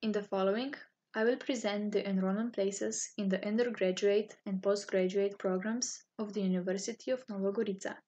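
Woman, English, husky breathy tone, formal scripted narration. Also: mid-range voice, fairly quick. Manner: formal, even-toned reading. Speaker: university student office staff.

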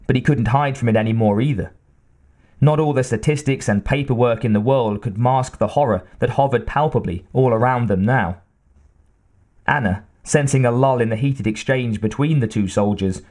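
Male audiobook narrator, middle pitch, steady even reading. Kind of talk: scripted narration.

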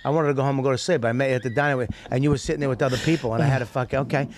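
A man's voice: medium pitch, fairly even intonation, racing, slight background noise. A man co-hosting a comedy podcast, griping and swearing in a mock-indignant way while he has a head cold. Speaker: podcast co-host. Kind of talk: casual comedic banter.

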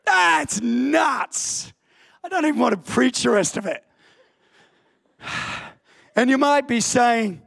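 Aussie preacher guy, really gravelly voice, gets loud and fired up. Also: extremely high pitch, expressive, takes it slowly, long pauses. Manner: impassioned, bursts into shouting. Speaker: pastor. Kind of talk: sermon. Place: church hall.

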